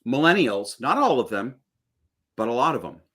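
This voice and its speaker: A man's voice: medium pitch, sing-song, moderate pace, a bit bright, slightly rough. Blunt, ranting, profane middle-aged man. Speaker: podcast guest. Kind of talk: casual chat.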